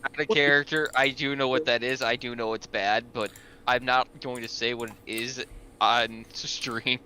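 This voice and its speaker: A man's voice: mid-range voice, fairly even intonation, moderate pace, bright, forceful tone, slight background noise. A man playing a tabletop game, earnestly describing what his character does. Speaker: player. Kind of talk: tabletop role-play chat.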